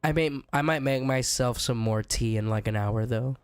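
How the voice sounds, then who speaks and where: A young man streaming a game who is sick and sounds rough. He chats casually, reads chat aloud and jokes with viewers. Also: mid-range voice, normal speed, no echo. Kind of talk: casual chat while gaming.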